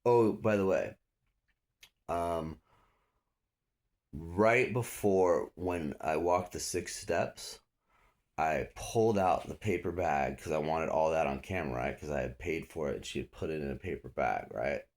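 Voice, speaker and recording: This man's voice rumbles low at a measured pace. He spins a loose, casual yarn full of profanity, lively and performing the other characters' lines himself.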